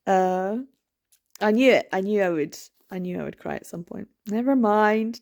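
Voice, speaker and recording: A woman's voice: on the low side, unhurried, vocal fry, long pauses, darkish tone. A young woman chatting emotionally about a book in a casual reading vlog, laughing often. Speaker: book vlogger.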